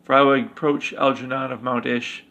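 A man's voice: medium pitch, steady tone, normal speed, bright, forceful tone. A man voicing a menacing bulky god. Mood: gloating. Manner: authoritative, bellowing and crooning. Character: bulky commanding male god, menacing and scornful.

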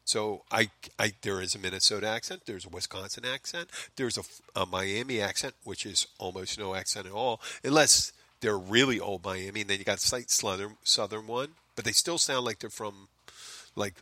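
Philly guy rambling on his comedy podcast, swearing a lot, bright voice, dry close sound. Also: lowish voice, normal speed, dry recording. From Philadelphia. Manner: rambling, profane, self-mocking asides. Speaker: podcast host. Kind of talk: casual comedic monologue. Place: home in the Florida Keys.

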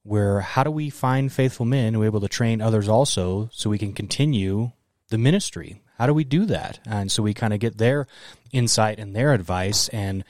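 Halting deep-voiced man co-hosting a podcast. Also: darkish tone, no room sound, clean studio sound. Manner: halting, many filler sounds. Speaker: podcast co-host. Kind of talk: casual podcast chat.

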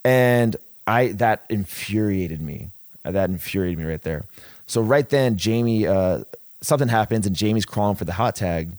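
Deep-voiced man telling a rambling story. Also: expressive, normal speed, darkish tone, no room sound. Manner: rambling, profane, many restarts. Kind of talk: casual podcast storytelling.

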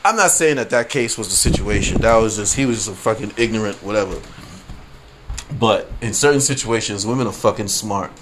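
This podcast host has a fairly low voice and a fairly quick pace, and the background is noisy. In a casual solo rant he swears freely, keeps adding "you know what I mean," and laughs through his stories.

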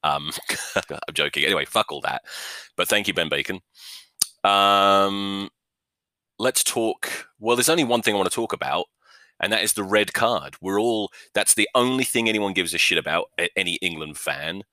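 A low-pitched man hosts a rugby podcast in a rambling comic rant. His voice is bright and forceful, recorded dry and close on a podcast mic. He swears freely, mocks himself and keeps restarting his sentences. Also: normal speed, no echo. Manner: profane, joking, self-mocking, many restarts. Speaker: podcast host. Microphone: new podcast microphone.

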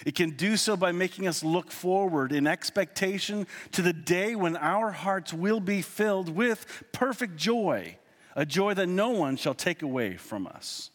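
Man, pastor, sermon, slightly high voice, earnest scripture reading, long reverb. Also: animated. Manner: earnest, reads scripture slowly, asides with fillers.

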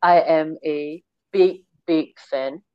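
A woman's voice: low-pitched, steady tone, takes it slowly, clear, resonant tone, dry recording, highs cut off. A woman co-hosting a casual podcast chat, talking in a chatty way and reading sources aloud. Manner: chatty, reads sources aloud, laughs at herself. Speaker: podcast co-host. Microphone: remote call.

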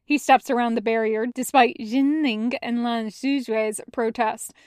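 A woman reading a fan fiction story aloud as a podfic, in a measured storytelling way. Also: fairly high pitch, steady tone, darkish tone, clean tone, dry recording, studio quality. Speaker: podfic reader. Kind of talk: audiobook narration of fan fiction.

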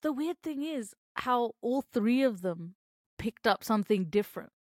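A woman co-hosting a podcast in casual chat, expressive, swearing and laughing a lot. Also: fairly high pitch, measured pace, dry recording, studio quality. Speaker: podcast co-host, parent of three.

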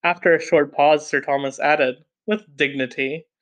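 A man's voice: on the high side, steady tone, unhurried, a bit bright. A man reading a classic novel aloud, breaking off now and then for wry, joking asides. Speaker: reader.

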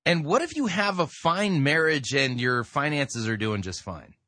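A man's voice: a little high, animated, moderate pace, bright, forceful tone, no room sound. Sarcastic man critiquing a sermon. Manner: sarcastic, exasperated. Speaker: podcast host reviewing sermons. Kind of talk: critical commentary.

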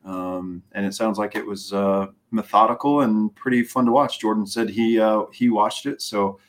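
A man with a fairly low voice co-hosts a racing show. He runs through the results in an easygoing, rambling way. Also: normal speed. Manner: relaxed, rambling with fillers. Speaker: co-host, racing recap. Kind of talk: casual chat.

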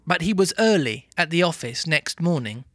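A man reading a novel aloud with lively, amused storytelling. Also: a little high, moderate pace, dry recording, clean studio sound, soft background music. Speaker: reader.

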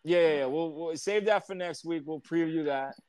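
A man's voice: a little high, normal speed, over a noisy crowd. A man hosting a podcast in loose, profane, laughing banter. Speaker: podcast host. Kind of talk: casual chat.

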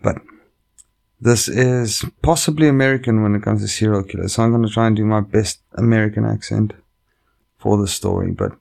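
Gravelly low-voiced man reading stories. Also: fairly quick, darkish tone. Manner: rambling, profane, self-interrupting. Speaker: comedian and podcast host. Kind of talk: casual chat and reading online stories aloud. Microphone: microphone.

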